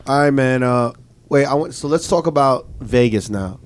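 A man hosting a casual podcast, tossing out joking questions and quick reactions. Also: medium pitch. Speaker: podcast host. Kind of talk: casual interview chat.

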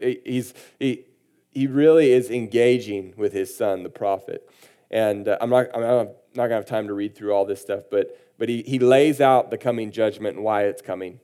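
A man's voice: mid-range voice, moderate pace, dark tone, clear, resonant tone. A man preaching a sermon, reading scripture aloud with emphasis and then commenting on it in a conversational way. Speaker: pastor.

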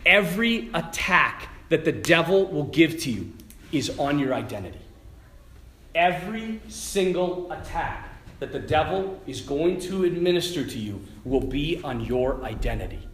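A middle-aged man giving a lively faith talk to a live audience, telling stories and tossing asides to the listeners. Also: fairly high pitch, a little slow, a little hiss or hum. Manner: animated storytelling with asides to the audience. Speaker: Catholic speaker. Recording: echoey hall with faint ambience.

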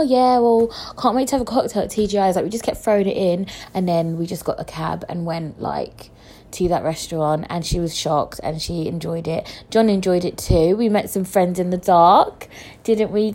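A young woman chatting casually to camera as a vlogger, excitable and quick to laugh and swear. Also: fairly low pitch. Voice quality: visually impaired speaker.

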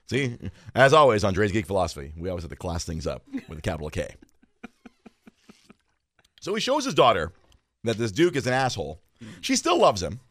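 A man hosting a podcast, chatting casually in a crude, animated way, laughing often and shouting out quoted lines. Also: on the low side, normal speed, pauses often, dry recording. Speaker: podcast host. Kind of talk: casual chat.

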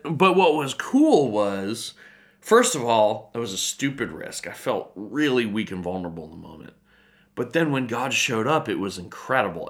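Bright-voiced storytelling man. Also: mid-range voice. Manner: animated, acts out voices in his stories, laughs often. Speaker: pastor and guest. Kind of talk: storytelling interview talk.

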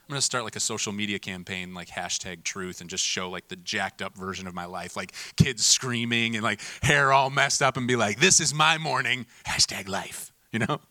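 A man preaching a sermon in a lively, conversational way, mimicking people in quick voices and laughing at himself. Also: fairly low pitch, dry recording. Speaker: pastor.

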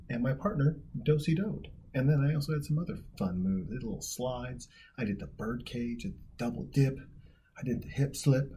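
A man's voice: mid-range voice, warm tone, a little hiss or hum. A man from Montana hosting a casual reaction video, rambling and jokey with plenty of profanity and trailing restarts. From Montana, USA. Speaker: video host reacting to a film.

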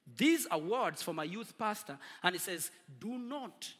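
Husky preacher with a lively, dramatic voice. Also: male voice, moderate pace. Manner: dramatic, with sudden swings between booming and hushed. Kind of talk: storytelling sermon. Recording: long reverb of a large hall.

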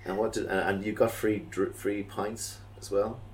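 A male podcast host with a very low, deep voice, steering a playful mock interview. He teases in a deadpan tone, pausing with fillers between thoughts. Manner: deadpan teasing, pauses with fillers.

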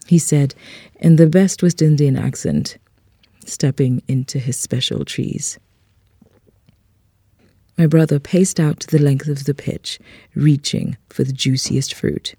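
Gravelly, dark-voiced story reader. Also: mid-range voice, slow, long pauses, no echo, studio quality. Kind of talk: reading a literary short story aloud.

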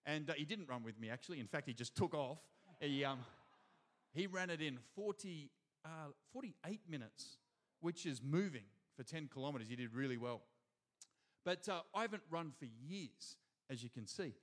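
An Australian man preaches in a high, bright register with lively energy. He keeps calling out to the congregation from the front of a church hall. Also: normal speed. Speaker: pastor. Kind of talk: sermon.

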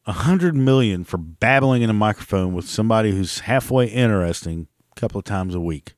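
A man's voice: on the low side, darkish tone, no echo, studio quality. A man, hosting a podcast in a sarcastic, profane, mocking rant. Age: 40s. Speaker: podcast host. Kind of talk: casual ranting monologue.

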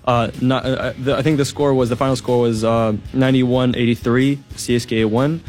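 A man talking sport on a casual panel, tripping over his words and restarting before pushing his point. His voice sits at an ordinary pitch. A little music plays faintly in the background. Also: steady tone, a little fast, darkish tone. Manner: hesitant, restarts often, eager to jump in.

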